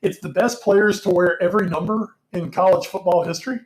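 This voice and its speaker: A man's voice: sits high, a little fast, a little mellow. A tired man co-hosting a casual sports podcast, rambling with lots of ums and casual swearing. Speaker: co-host. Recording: echoey room.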